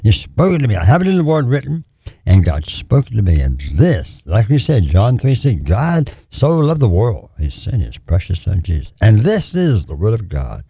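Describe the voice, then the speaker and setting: A preacher man with a deep, husky voice and a dark, gravelly tone. He pleads earnestly, repeats his phrases for emphasis, and swings widely in pitch. The sound is dry and close. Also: huge pitch swings, normal speed, dry recording. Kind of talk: call-in ministry sermon.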